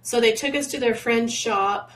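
A woman's voice: fairly high pitch, normal speed, low-quality recording. A woman from Missouri, co-hosting a podcast, recalling a road trip in casual chat and filling in details. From Missouri, USA. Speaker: podcast co-host.

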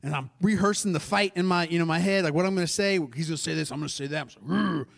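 A fairly high-voiced man preaches as if chatting with friends. He tells a personal story in a lively, conversational way, throwing asides to the congregation. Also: rapid-fire, creaky. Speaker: pastor. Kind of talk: sermon storytelling.

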